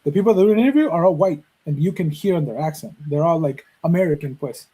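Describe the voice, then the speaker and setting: A man in his thirties from Mexico tells a personal story in a loose, cursing, animated way, acting out the voices of the people he met. His voice sits fairly high for a man and has a husky grain. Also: fast, rough recording. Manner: profane, animated, acts out quoted dialogue. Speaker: podcast host. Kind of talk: casual storytelling.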